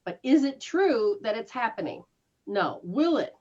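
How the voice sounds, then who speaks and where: A spiritual healer with a high-leaning voice talks a little slowly as she goes over a client's habits in a relaxed one-on-one live session. Acting out startled reactions, she gasps and laughs as her voice leaps up and down, all captured on a muffled, lo-fi recording.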